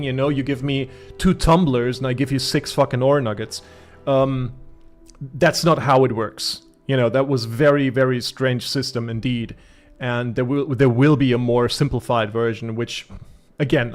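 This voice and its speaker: A man from Germany with a German accent, chatting casually as a gaming streamer, rambling with many fillers and restarts. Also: a little high. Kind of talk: casual live-stream commentary.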